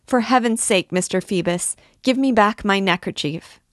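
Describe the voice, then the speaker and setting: A woman's voice: on the low side, steady tone, slow, vocal fry, darkish tone, no room sound, studio quality. Woman reading as a lovestruck young gypsy girl. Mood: pleading. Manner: pleading, lovestruck.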